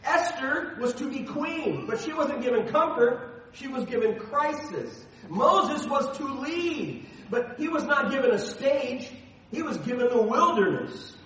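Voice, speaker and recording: A middle-aged pastor preaches with an unusually high, bright voice that swings widely in pitch. He tells stories with animated, self-deprecating humor. The sound is very echoey and picked up from a distance, like a large hall. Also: unhurried. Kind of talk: sermon with personal storytelling.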